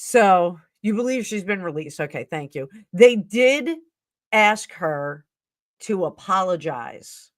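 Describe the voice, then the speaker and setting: A woman's voice: fairly low pitch, expressive, slow pace, dry recording. A woman hosting a live stream tarot reading who talks in an emotional, effusive way. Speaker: tarot reader and stream host.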